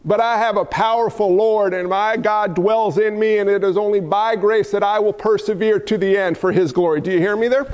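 This pastor's high-pitched voice runs a little fast with few pauses as he delivers an animated, fiery sermon. He prompts the congregation to answer back and sprinkles in folksy asides and loud exclamations.

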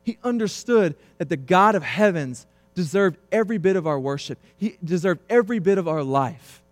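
A man in his thirties preaching a sermon, swinging between quiet, low stretches and loud, emphatic passages. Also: expressive, normal speed, no echo. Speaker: pastor.

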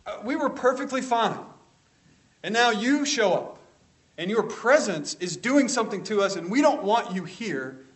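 A man's voice: medium pitch, steady tone, rapid-fire, hardly any pauses, lightly acted, low-quality recording. A man voicing a terrified, hostile male demon that possesses a man, crying out in fear. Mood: hostile fearful. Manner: frightened, hostile outcry.

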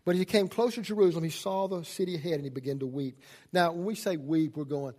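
A man preaching a sermon as a pastor, folksy and swinging from loud emphasis to hushed asides. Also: on the high side, fast.

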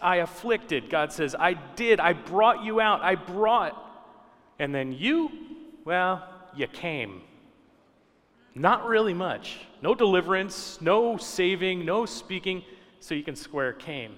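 A man's voice: high-pitched, a bit bright, big-room sound. A man preaching a conversational, teaching sermon, repeating key words for emphasis. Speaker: pastor.

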